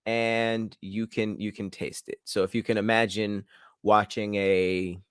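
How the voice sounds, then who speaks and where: A man co-hosting a casual podcast, telling a story in a relaxed, joking way. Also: on the low side, unhurried, clear, resonant tone, dry recording, clean studio sound. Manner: relaxed storytelling with fillers and jokes. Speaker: podcast co-host.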